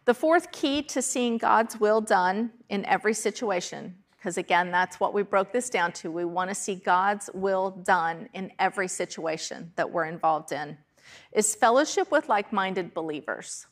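A woman delivers a sermon in a church with an easygoing, talk-like manner. Her voice sits at a middle pitch for a woman, and she keeps checking in with her listeners as she goes. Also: moderate pace. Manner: conversational, frequent "okay?" and "right?" check-ins. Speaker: pastor.

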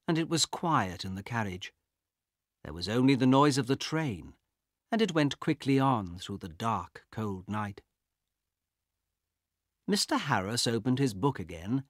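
A man narrating a graded-reader audiobook in slow, clear, deliberate reading. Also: mid-range voice, no room sound, studio quality.

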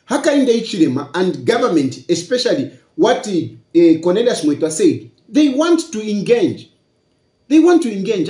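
A man's voice: sits high, mellow, echoey room. A Zambian man giving casual political commentary, emphatic and repetitive, full of rhetorical questions.

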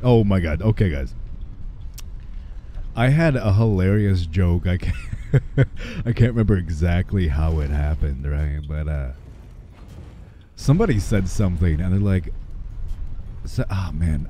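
A man livestreaming, a bit hoarse, rambling and joking casually with his chat. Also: low voice, lively intonation, normal speed, pauses often, warm tone, a little hiss or hum.

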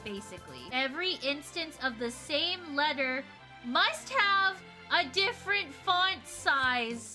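A young woman live-streaming a game in a very high voice, excitable and thinking out loud. She keeps counting things off under her breath. Music plays clearly behind her. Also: takes it slowly.

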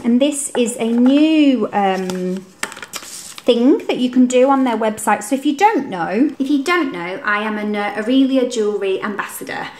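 A woman's voice: on the high side, expressive, normal speed, a little mellow. A young woman chatting casually to camera in an upbeat vlog about her home and Christmas tree, with lots of ums. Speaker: lifestyle vlogger. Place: home living room. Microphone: camera mic. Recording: roomy home room.

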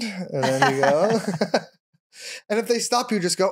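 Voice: mid-range voice, animated, moderate pace. A podcast co-host in casual chat who laughs often and riffs playfully on the host's stories.

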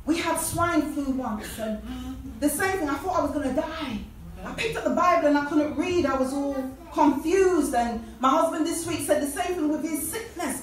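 A Jamaican woman preaches with fervor, quoting scripture line by line. Her voice sits high, and it is picked up from a distance in a very echoey church hall. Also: normal speed. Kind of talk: sermon. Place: large church.

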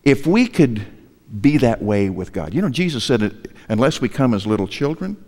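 A man's voice: mid-range voice, big pitch swings, moderate pace, darkish tone, in a large hall. An older male pastor preaching a sermon, telling a story with humor and asking the congregation questions. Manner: storytelling with self-deprecating humor and rhetorical questions. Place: large church hall.

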